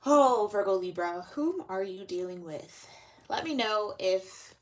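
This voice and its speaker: A woman's voice: medium pitch, animated, measured pace. Chatty woman reading tarot. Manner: chatty, filler-heavy, loose and conversational. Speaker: tarot reader. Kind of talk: casual tarot reading monologue.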